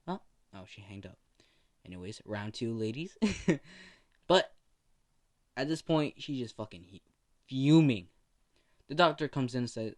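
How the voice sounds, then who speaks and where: Slow, rambling young male storyteller. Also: mid-range voice, expressive. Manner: slow, rambling, profane, laughs at his own story. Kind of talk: casual fan fiction storytelling.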